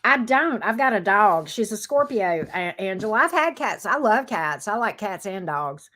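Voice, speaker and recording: A woman in middle age hosts a relaxed livestream from her home office. She chats easily with viewers and answers their comments one by one. Her pitch swings up and down a lot as she talks. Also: normal speed. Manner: chatty, reads out and answers viewer comments, coos at her dog. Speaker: tarot reader and livestream host. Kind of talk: casual livestream chat with viewers.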